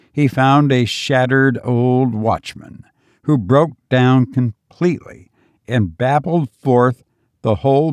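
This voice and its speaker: Slow and solemn, a man with a medium-pitched, slightly mellow voice narrates a scripted audiobook. The sound is dry and studio quality.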